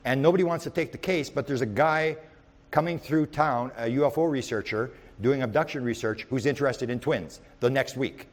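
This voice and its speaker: A man's voice: mid-range voice, brisk. A man giving a UFO research talk, telling stories in a rambling way with many restarts. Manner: rambling, with frequent restarts and repeated words; animated storyteller who speaks in the present tense. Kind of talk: anecdotal storytelling lecture.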